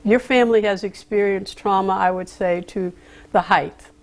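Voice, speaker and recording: A woman host asking measured, formal questions in a TV interview. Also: mid-range voice, steady tone.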